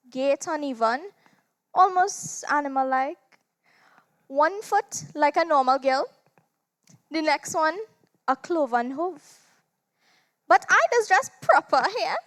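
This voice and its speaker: A woman with a Trinidadian accent performing a theatrical monologue as a seductive demon woman with a cloven hoof. She draws her words out slowly and teasingly, and her loudness rises and falls sharply. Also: sits high, exaggerated voice. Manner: teasing, slow and drawn out, big swings in loudness. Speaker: stage performer in a dramatized literature competition.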